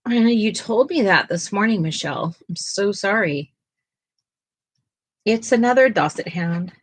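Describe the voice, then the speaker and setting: A woman's voice: medium pitch, expressive, unhurried, slightly rough, no echo. A woman hosting a coloring livestream, chatting casually and talking to her viewers in the chat as she colors. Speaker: livestream host.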